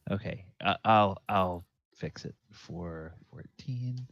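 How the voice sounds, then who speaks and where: A man running a tabletop game as dungeon master, narrating in a halting way full of ums and restarts. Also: deep voice, vocal fry, a bit bright, dry recording. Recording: dull lo-fi dry sound.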